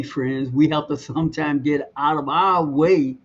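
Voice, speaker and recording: Slow, husky-voiced male host. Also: fairly high pitch, steady tone, highs cut off. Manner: slow, halting, searching for words. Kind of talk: reflective talk show hosting.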